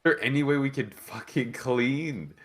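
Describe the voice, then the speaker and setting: A man playing a tabletop game, joking in animated banter. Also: measured pace. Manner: animated, joking, with swoops in pitch. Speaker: player.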